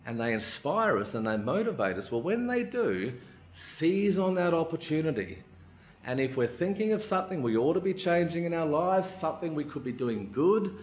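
A man giving a sermon with personal stories, acting out voices and often asking the room "right?". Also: a little high. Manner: lively, acts out quoted voices, keeps asking "right?". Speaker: lay preacher. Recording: roomy hall echo.

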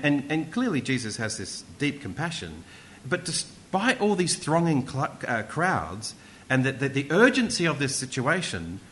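A man's voice: medium pitch, fairly bright tone, a little hiss or hum. A male preacher giving an interactive sermon, often asking the congregation questions and repeating words for emphasis.

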